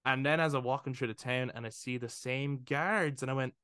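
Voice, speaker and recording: A man with a bright, forceful voice chatting casually as a podcast co-host. He acts out what he was thinking as he goes, with swearing and laughter. The recording is dry and close. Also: medium pitch, fairly quick, clean tone, no echo. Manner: acts out his own thoughts, swears, laughs. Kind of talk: casual chat.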